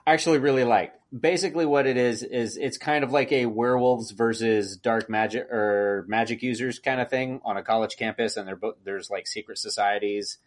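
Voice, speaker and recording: A man co-hosting a podcast in casual chat, ranting with animated exasperation and acting out outbursts. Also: medium pitch, fairly quick, few pauses. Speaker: podcast co-host.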